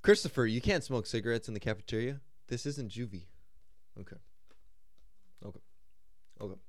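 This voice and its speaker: A man's voice: mid-range voice, moderate pace, dry recording. A young man hosting a casual podcast, reading out game cards and joking with friends. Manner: joking, reads cards aloud, laughs often. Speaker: podcast host. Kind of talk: casual chat over a card game.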